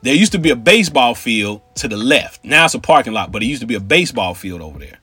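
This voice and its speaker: Animated husky man telling a story. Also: medium pitch, fast talker, no echo, soft background music. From Cincinnati. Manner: animated, street slang, asides to the audience. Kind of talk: casual storytelling.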